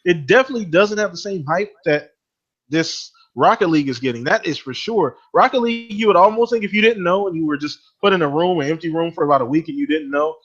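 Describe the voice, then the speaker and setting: A man's voice: a little high, fast, fairly bright tone, lo-fi sound. A man on a casual gaming podcast, talking in an easygoing, hesitant way with many fillers. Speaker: podcast co-host.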